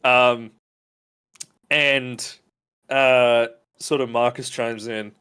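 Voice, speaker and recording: Man, game master, casual narration, halting, lots of fillers. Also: medium pitch, flat delivery, pushed and bright, clean tone. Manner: casual, hesitant, filler-heavy.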